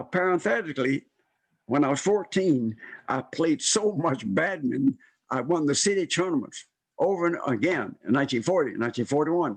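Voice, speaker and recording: An older man telling a personal story in an interview, animated and acting out the voices of people he quotes. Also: a little high, slightly rough, no room sound. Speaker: guest storyteller.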